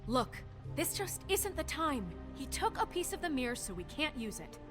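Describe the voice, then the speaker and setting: Stern tired official, firm and controlled, game music behind. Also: female voice, sits high, big pitch swings, normal speed. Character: stern, guarded woman official, weary.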